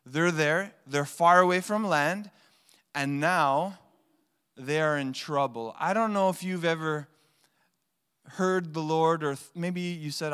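Male pastor, conversational sermon delivery with animated quotes, clear resonant voice, echoing church hall. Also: a little high. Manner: conversational preaching, animated quoting. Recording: long hall reverb.

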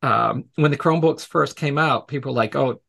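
A man's voice: medium pitch, fairly quick, vocal fry, a bit bright. A man as an interview guest, casually telling stories from his teaching work, acting out the voices of people he quotes and laughing often. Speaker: podcast guest, educator.

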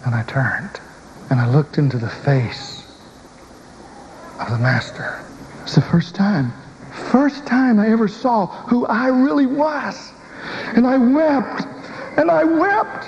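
A man's voice: high-pitched, slow, long pauses, darkish tone. Man preaching a dramatic story in a hall. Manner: emotional, vivid storytelling. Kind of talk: first-person dramatic sermon monologue. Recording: dull recording in a reverberant hall with faint hiss.

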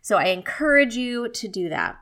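A woman's voice: a little high, very animated, moderate pace, fairly bright tone. A woman in her thirties hosting a solo wellness podcast, chatty and candid, often laughing and acting out inner voices. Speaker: podcast host and wellness coach.

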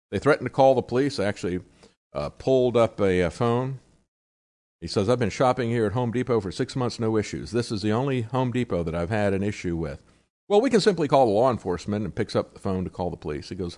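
A man's voice: on the low side, darkish tone. A man hosting a political talk show, delivering sarcastic commentary and mocking the people he quotes.

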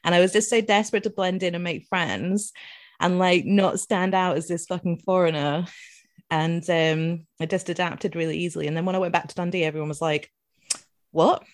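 Animated Scottish-born woman with an English-sounding accent. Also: lowish voice, fairly quick. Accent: Southern English with a slight Scottish lilt. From Scotland. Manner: animated storyteller, swears freely, acts out quotes. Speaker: podcast host. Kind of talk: casual chat.

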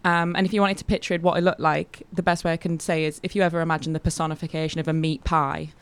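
Brief: woman comedian, smooth and fairly low, chatty radio guest spinning anecdotes. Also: level tone, fast, dry recording. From Hull, England. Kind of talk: casual radio chat, storytelling.

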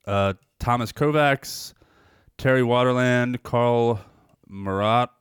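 A man's voice: mid-range voice, slow, clear, resonant tone, dry recording, studio quality. A man co-hosting a movie podcast, talking casually and rambling with frequent restarts and laughs. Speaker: podcast co-host.

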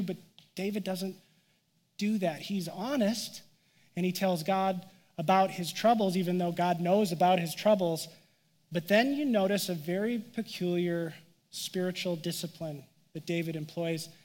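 A man's voice: high voice, measured pace, darkish tone, big-room sound. A man pastor giving a sermon in a conversational, emphatic way.

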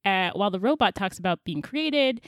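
A woman's voice: medium pitch, lively intonation, a little fast, no echo, clean studio sound. A woman co-hosting a casual chat, animatedly summarizing a story with casual slang and laughter. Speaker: podcast co-host.

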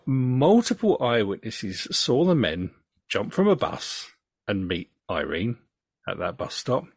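A man's voice: on the low side, husky, no room sound. English man telling a true crime story. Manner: reads case notes with relaxed asides.

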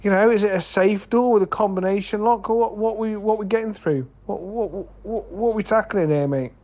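A man's voice: sits high, brisk, a little mellow, dull audio. A man co-hosting a comedy podcast, rambling through absurd plans, swearing and calling people mate. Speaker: podcast co-host. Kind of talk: comedic banter.

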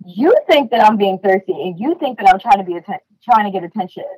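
A woman from New York, a podcast guest, telling stories in casual chat, blunt and animated with lots of "like" fillers. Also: medium pitch, fast, husky, dry recording, rough recording.

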